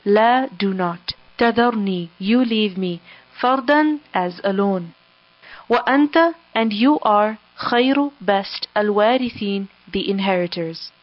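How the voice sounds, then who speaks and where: Brief: woman reader, mid-pitched, measured word-by-word recitation with gloss, dull dry lo-fi sound. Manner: measured, pausing after every word or phrase. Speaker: scripture reader and translator.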